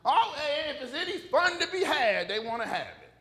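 A man's voice: extremely high pitch, big pitch swings, brisk, fairly bright tone. A man preaching a sermon in a church, emphatic and joking, driving call-and-response with the congregation. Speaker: pastor.

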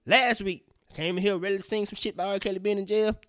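A young man with a high-pitched voice talks fast as he hosts a podcast, ranting animatedly through casual news takes with profanity and frequent tangents. It's studio-quality audio with no room sound.

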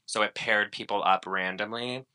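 A man's voice: on the low side, steady tone, normal speed, bright, forceful tone, clear, resonant tone. A man co-hosting a podcast, joking and rambling in a sassy, casual way. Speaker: podcast co-host. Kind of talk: casual chat.

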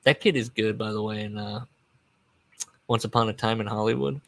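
This podcast host speaks at a normal speed in a gravelly, lowish voice with fairly even intonation. Alone on a casual show, he drifts from one aside to the next, trails off and restarts, and chuckles at his own remarks.

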